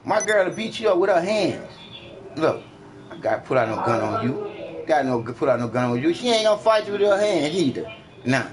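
A man's voice: on the high side, very animated, brisk, a crowd in the background. Man taunting over online gameplay. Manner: taunting, mocking, repetitive jeers. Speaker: online game player. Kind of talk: trash talk during an online game.

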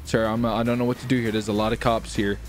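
A young man streaming improvised game role-play, excitable and panicky, who often swears. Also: fairly low pitch, fast talker, soft background music.

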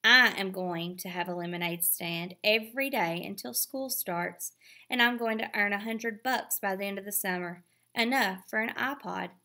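A woman's voice: medium pitch, normal speed, bright, forceful tone. A woman reading aloud, voicing a competitive, scornful boy with a taunting, sarcastic manner.

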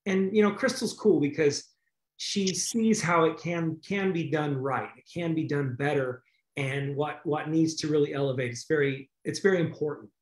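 A man's voice: a little high, normal speed. A man hosting a community video call, thanking guests and making announcements in a rambling, grateful way. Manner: warm, grateful, rambling with restarts. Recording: echoey room on a video call.

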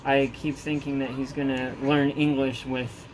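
A man's voice: mid-range voice, little pitch movement, a little slow, noisy background. A man chatting casually as co-host of a video, rambling and playful, slipping into silly voices. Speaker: co-host, vlogger's husband. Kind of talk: casual chat.

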